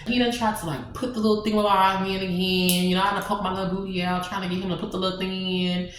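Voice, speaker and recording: A woman telling a personal story in a casual vlog, animated and sassy, talking straight to her viewers. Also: mid-range voice, quick pace, few pauses. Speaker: storytime vlogger. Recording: very echoey room.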